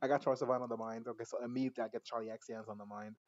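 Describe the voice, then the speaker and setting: Profane, animated man recapping a show. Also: mid-range voice, rapid-fire, dry recording, muffled recording. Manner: animated and profane, laughs often, mimics characters. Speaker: YouTuber recapping a TV episode. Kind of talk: casual reaction recap.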